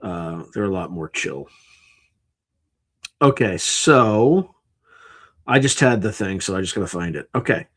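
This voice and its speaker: A man's voice: low voice, expressive, a little slow, long pauses, a bit bright. A man hosting a live stream, tired and yawning, reading through a list in a casual, offhand way with sarcastic asides. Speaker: livestream host.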